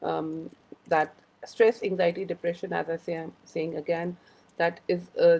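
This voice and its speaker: A woman's voice: fairly low pitch, creaky, a little mellow, rough recording. A woman hosting a casual live-stream chat, rambling through personal stories and greeting viewers by name. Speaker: host of a live wellbeing chat.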